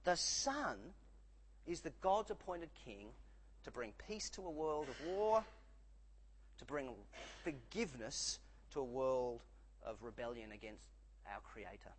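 A man preaching a sermon, emphatic, dropping low and rising again for effect. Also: animated, slow, pauses often, slight background noise, rough recording.

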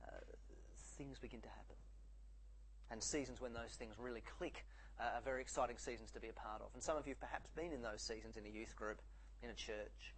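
A man's voice: medium pitch, darkish tone, slight background noise. A middle-aged man giving a sermon, conversational, with many restarts and jokes. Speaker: preacher.

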